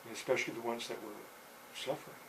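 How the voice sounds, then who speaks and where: A man's voice: medium pitch, steady tone, quick pace, recorded from a distance. A man telling a rambling story in casual speech, filling it with "you know" and restarts. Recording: voice set back from the mic, faint background hiss.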